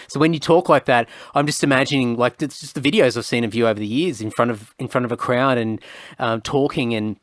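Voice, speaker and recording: A man's voice: mid-range voice, a little fast, no room sound, clean studio sound. A man from Queensland, hosting a podcast in an easygoing, encouraging way, often repeating words as he goes. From Queensland, Australia. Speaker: podcast host. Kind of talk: casual chat.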